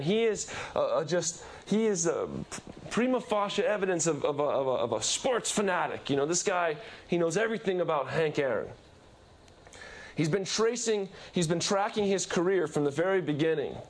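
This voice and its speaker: A man preaches a sermon as emphatic storytelling, repeating himself often. His pitch shifts in lively ways as the story unfolds.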